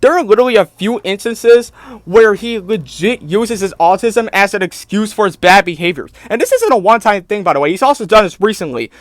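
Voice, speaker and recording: A man's voice: high-pitched, animated, fairly quick, dry recording. Exasperated young-sounding man ranting. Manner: exasperated, fills talk with "like" and "bro". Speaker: YouTube commentator. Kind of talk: casual commentary rant.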